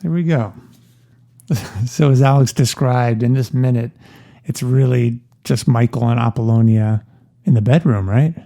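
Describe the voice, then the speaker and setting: Brief: male co-host, gravelly voice, playful and jokey, casual chat. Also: medium pitch, measured pace, mellow. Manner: jokey, laughs often. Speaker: podcast co-host.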